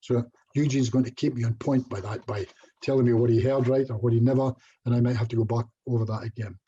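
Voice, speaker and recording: A man's voice: medium pitch, fairly even intonation, quick pace, mellow, muffled recording, slight background noise. A middle-aged Scottish man giving a casual online presentation as a hypnotherapist, chatty and self-deprecating, with little jokes. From Scotland.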